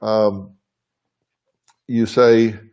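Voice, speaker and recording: A man's voice: fairly low pitch, level tone, drawn-out words, darkish tone, smooth, lo-fi sound. A man hosting a live show from his home, speaking earnestly and plainly to viewers, thinking aloud as he answers their questions. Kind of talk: live casual address to viewers.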